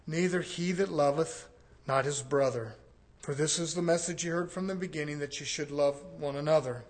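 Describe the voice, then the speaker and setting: A man with a notably high voice preaches to a congregation. He rises into loud, drawn-out scripture reading, then drops into quiet, conversational asides to the room. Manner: drawls out repeated words for emphasis. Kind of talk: sermon.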